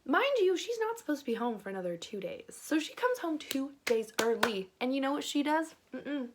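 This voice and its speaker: A woman's voice: high-pitched, very animated, fairly quick, background noise. A young adult woman telling a story on her vlog in a chatty, filler-heavy way, often breaking into laughter. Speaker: vlogger.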